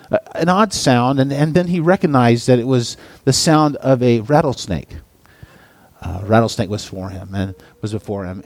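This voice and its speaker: Brief: male preacher, storytelling sermon, animated and halting, dry close sound. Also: no echo. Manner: halting, lots of restarts and uh's, emphatic pitch swings. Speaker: pastor or Bible teacher.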